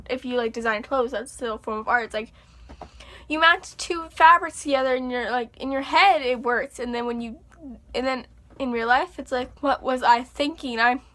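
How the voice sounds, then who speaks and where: A young woman chatting casually to her viewers, animated and chatty, acting out exasperated reactions. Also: high voice. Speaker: vlogger. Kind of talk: casual chat to camera.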